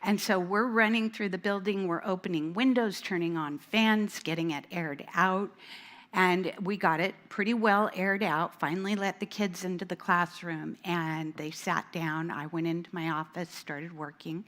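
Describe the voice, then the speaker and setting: A woman who worked as a school administrator, telling a lively story at a church event and voicing the people in it, including a small child. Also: fairly low pitch, moderate pace. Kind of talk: storytelling talk at a women's event. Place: church hall.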